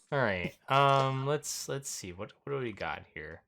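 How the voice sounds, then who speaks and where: A man's voice: mid-range voice, lively intonation, slow pace, gravelly, bright, forceful tone, slight background noise. A young man co-hosting a casual group podcast chat, thinking aloud and rambling with lots of "like" and "um". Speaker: podcast co-host.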